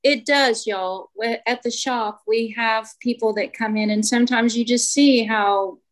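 A woman's voice: on the high side, steady tone, a little slow. Earnest woman sharing in group. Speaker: study group member. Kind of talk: casual group discussion.

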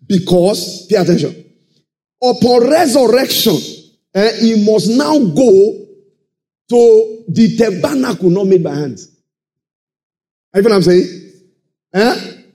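Animated preacher with sung shouts. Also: male voice, high voice, measured pace, pauses often. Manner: animated call-and-response preaching, sudden shouts and sung phrases. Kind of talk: sermon.

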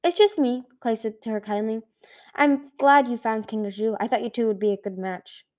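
A woman voicing an earnest, friendly young male dragon in a storybook reading, shouting over a noisy crowd at times. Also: on the high side, normal speed, lightly acted. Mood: kind.

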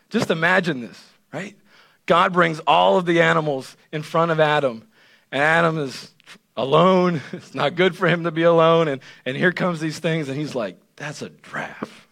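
A male pastor giving an animated, conversational sermon that keeps checking in with the listeners. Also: fairly high pitch, moderate pace, vocal fry. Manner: animated, conversational preaching with frequent "right?".

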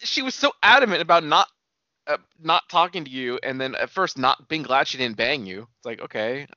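A man's voice: mid-range voice, expressive, normal speed, sharp tone, dry recording. A man co-hosting a podcast in casual, crude banter. He rambles eagerly and laughs easily. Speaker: podcast co-host. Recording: dull lo-fi dry sound.

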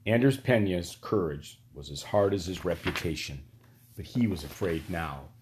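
Low-voiced male audiobook narrator. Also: moderate pace, a little hiss or hum. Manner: steady, even storytelling.

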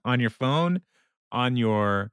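A man's voice: mid-range voice, fairly bright tone, clean tone, no echo, studio quality. A man co-hosting a podcast, rambling through an episode recap with many fillers and frequent laughs. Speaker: podcast co-host.

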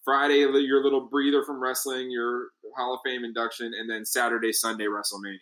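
Man, casual podcast chat, bright voice, rambling recap, lots of ums. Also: mid-range voice, fairly quick. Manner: rambling, filler-heavy, animated recap.

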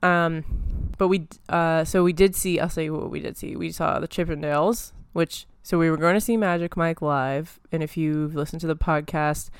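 A woman's voice: low-pitched, fairly even intonation, moderate pace, hardly any pauses, smooth, no room sound, studio quality. A young woman hosting a solo podcast from her apartment, chatting casually and rambling with lots of fillers. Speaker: podcast host.

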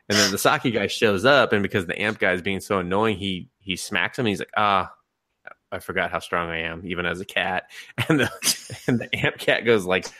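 A man co-hosting a podcast, retelling an anime scene with laughs, swearing and quick voice changes. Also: low voice, pushed and bright, dry recording, studio quality. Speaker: podcast co-host. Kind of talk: casual chat.

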